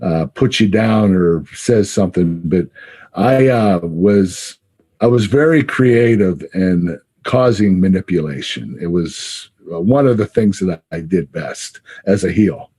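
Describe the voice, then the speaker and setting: A middle-aged man in a casual podcast interview, talking haltingly with many fillers and frequent laughs. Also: low-pitched, lively intonation, dark tone, husky. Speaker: guest recalling his wrestling career.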